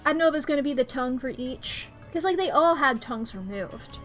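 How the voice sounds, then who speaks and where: High-voiced playful American woman streamer. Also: expressive, brisk, a bit bright, faint music behind. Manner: playful, chatty, talks straight to viewers. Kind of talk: casual live-stream chat while gaming. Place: home room by a window.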